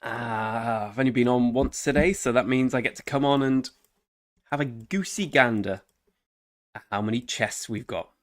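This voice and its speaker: A man streams his gameplay, commenting casually as he goes. He chats to himself and his viewers in a mid-pitched voice and breaks into frequent exclamations. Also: moderate pace, no room sound, clean studio sound. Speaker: game streamer.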